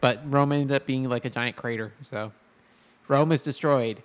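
A man co-hosting a casual podcast, rambling through a movie review with frequent laughs and restarts. His voice sits at a middle pitch, and he talks in a loose, offhand way. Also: steady tone, normal speed. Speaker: podcast co-host.

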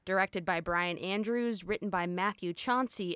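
A woman's voice: lowish voice, fairly bright tone, clear, resonant tone, no echo. A woman hosting a podcast, chatting casually and upbeat, laughing often, on a close mic. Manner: giggly, upbeat, quick to laugh. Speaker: podcast host.

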